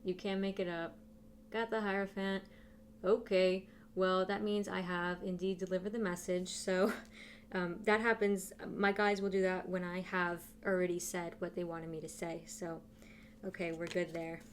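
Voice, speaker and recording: A woman's voice: lowish voice, level tone, normal speed, slight background noise. A woman giving a casual tarot reading who talks straight to her viewers and thinks aloud as she turns the cards. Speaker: tarot reader.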